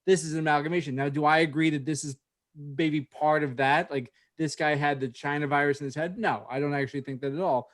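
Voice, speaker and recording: A man's voice: on the high side, steady tone, brisk, a bit bright. A man in casual podcast banter, blunt and sarcastic, swearing freely. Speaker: podcast co-host. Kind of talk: casual comedic chat.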